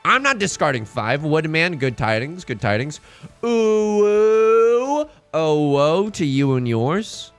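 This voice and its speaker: A man streaming a mahjong game and bantering with his chat in a hyped, self-mocking way, building up jokes and reacting loudly to risky plays. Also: fairly high pitch, very animated, unhurried, few pauses, faint music behind. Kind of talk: live-streamed mahjong commentary.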